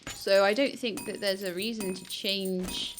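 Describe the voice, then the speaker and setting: A woman's voice: medium pitch, fairly even intonation, a little slow, slight background noise. A woman chatting casually as a co-op gameplay partner, easygoing and practical.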